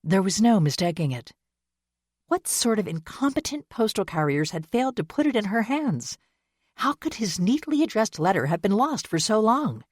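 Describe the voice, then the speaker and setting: A woman narrating a historical romance audiobook in a measured, expressive manner. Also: mid-range voice, dry recording, clean studio sound. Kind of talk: scripted narration.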